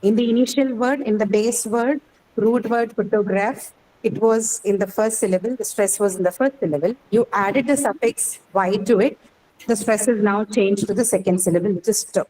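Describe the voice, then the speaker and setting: A woman's voice: medium pitch, normal speed, darkish tone, a little hiss or hum, rough recording. A woman teaching an English class, explaining patiently and often checking that students follow. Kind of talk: classroom lecture.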